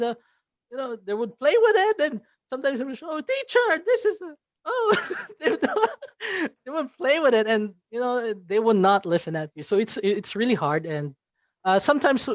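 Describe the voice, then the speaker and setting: A man's voice: sits high, no room sound. A man from the Philippines with a Filipino accent, an English teacher speaking as a guest in an interview, hesitant with many fillers and restarts. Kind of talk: interview conversation.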